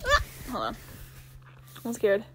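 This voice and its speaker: A woman's voice: a little high, wildly swooping pitch, takes it slowly, pushed and bright, slight background noise. A young woman playing a game and commenting as she goes, reading its text aloud and mocking herself in exasperated mutters. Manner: self-deprecating, exasperated muttering. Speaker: gamer. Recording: faint game music behind.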